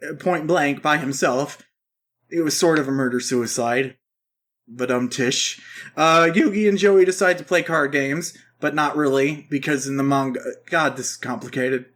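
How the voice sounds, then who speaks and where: A man's voice: on the high side, fairly bright tone. A man co-hosting a podcast, casually recapping an anime in a rambling, self-interrupting way. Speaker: podcast co-host. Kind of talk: casual chat.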